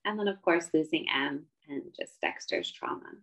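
A woman co-hosting a casual book-discussion podcast, talking in an animated, emphatic way that climbs sharply when she gets worked up. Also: low voice, moderate pace, creaky. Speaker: podcast co-host.

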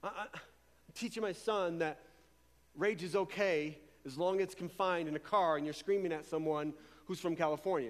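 A man preaching a sermon as pastor, talking in an animated, conversational way and often repeating words as he goes. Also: sits high, normal speed. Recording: long reverb of a large hall.

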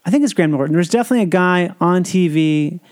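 Man, fairly high voice, joking guest, casual podcast chat. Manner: animated, jokey, does quick British accent bits. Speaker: guest comedian.

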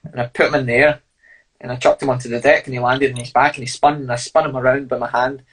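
Husky man telling fight stories. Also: medium pitch, little pitch movement, fast, a bit bright, poor audio. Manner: blunt, sweary, laughing storyteller. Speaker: fighter and guest. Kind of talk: casual storytelling interview.

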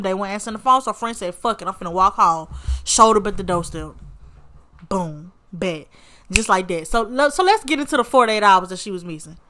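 A woman hosting her show and telling a story in casual, sassy commentary, cursing and calling her listener honey and baby. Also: mid-range voice. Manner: sassy, animated, swears freely, calls listener honey and baby. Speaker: podcast host.

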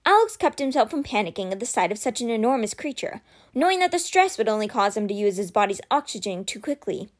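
Brief: woman narrating a children's novel, high voice, lively expressive delivery. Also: fast talker. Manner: expressive, dramatic storytelling. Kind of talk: reading a book aloud.

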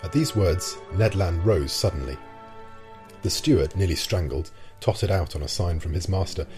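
A man narrating a classic novel as an audiobook in a steady, deliberate reading. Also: low voice.

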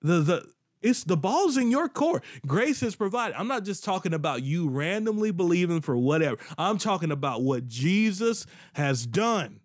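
An earnest male preacher delivering a sermon, his voice sitting a little high for a man. He doubles back on words and restarts phrases as he drives his points home. The recording is dry and close, with little room sound. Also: big pitch swings, normal speed, dry recording.

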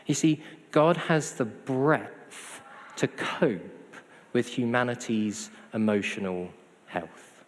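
A man's voice: mid-range voice, lively intonation, slow pace. A man preaching a sermon, conversational with self-deprecating humor. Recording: hall reverb.

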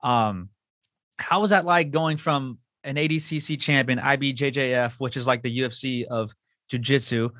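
A man's voice: mid-range voice, normal speed, a bit bright, no room sound, clean studio sound. A man hosting a podcast, talking casually and enthusiastically with his guest. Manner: casual, enthusiastic, loose phrasing. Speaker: podcast host. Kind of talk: podcast interview.

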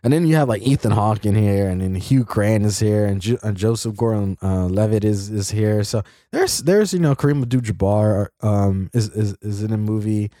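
Male podcast film reviewer, low mellow voice, loose rambling delivery, dry close sound. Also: lively intonation, moderate pace, hardly any pauses, no echo. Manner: rambling, many fillers and restarts. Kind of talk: casual spoken film review.

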